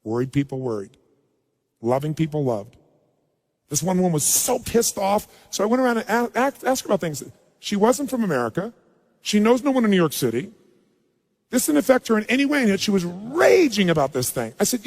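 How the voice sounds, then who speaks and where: Man, motivational speaker, high-pitched voice, live seminar talk, long hall reverb. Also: sing-song, fairly quick, a little mellow. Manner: storytelling, then urging the crowd. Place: large hall with audience.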